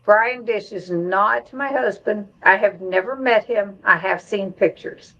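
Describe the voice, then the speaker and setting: A woman's voice: mid-range voice, measured pace, sharp tone, dull audio. Chatty woman hosting a live stream. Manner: chatty, reads viewer comments aloud, laughs often. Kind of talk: casual chat reading comments.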